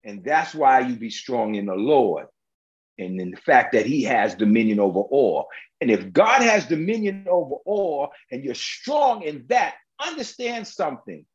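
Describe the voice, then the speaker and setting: A man's voice: medium pitch, big pitch swings, moderate pace, highs cut off. A male preacher delivering an emphatic, colloquial sermon, firing rhetorical questions at the congregation.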